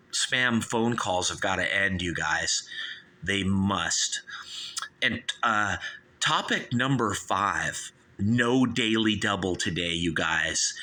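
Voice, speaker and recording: A man's voice: on the low side, pushed and bright. A man hosting his own call-in show, rambling through a comic monologue, acting out both sides of made-up chats and plugging the phone number again and again. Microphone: studio microphone.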